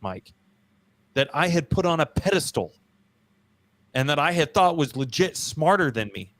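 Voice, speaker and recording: A fairly high-pitched male voice, recorded with no room sound, belongs to a podcast host. Casually telling a story from his own life, he's slangy and self-deprecating, hits things hard, and keeps saying "bro" and "dude."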